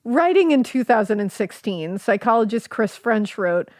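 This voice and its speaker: A woman's voice: on the high side, sing-song, moderate pace, no echo, clean studio sound. Chatty woman podcast host. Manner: reads quotes, laughs easily, chatty with fillers. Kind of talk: casual storytelling podcast chat.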